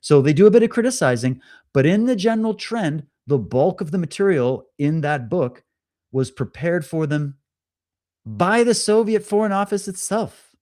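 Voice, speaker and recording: A man's voice: fairly high pitch, lively intonation, moderate pace, darkish tone. A man hosting a live stream, giving casual commentary with sarcastic, mocking asides. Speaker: livestream host.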